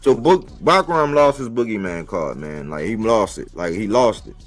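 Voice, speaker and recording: A man giving a casual, slangy boxing commentary monologue for a live stream, animated and rhetorical, repeating his points. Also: lowish voice, moderate pace, faint music behind. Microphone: live-stream mic.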